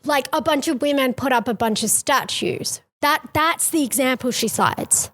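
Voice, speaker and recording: A woman's voice: high voice, normal speed, a bit bright. A woman co-hosting a political podcast, talking heatedly and tripping over restarts. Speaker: podcast co-host. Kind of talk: casual political chat.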